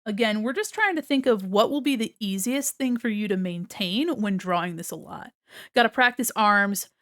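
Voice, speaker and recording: A woman's voice: medium pitch, animated, moderate pace, fairly bright tone. A woman live-streaming art critiques in a casual, chatty way. She swears casually and reads chat aloud as she draws.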